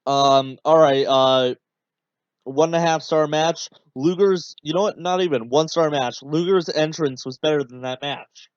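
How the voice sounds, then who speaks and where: A man hosts a podcast, chatting casually over a match he's watching, rambling with plenty of fillers and growing sarcastic and exasperated. His voice is slightly high, slightly slow, clear and resonant. The dull, dry podcast mic picks up no room sound.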